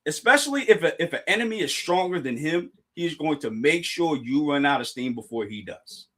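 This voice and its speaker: Excitable man with a lively high voice. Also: brisk. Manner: excitable, restarts and apologizes, addresses chat. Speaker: streamer reacting to a manga chapter. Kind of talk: live reaction stream chat.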